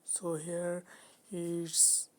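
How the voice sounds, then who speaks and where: Slow, hesitant, and low-voiced, a female programming tutor narrates her screen recording of a coding walkthrough. Her flat delivery is broken up by many restarts.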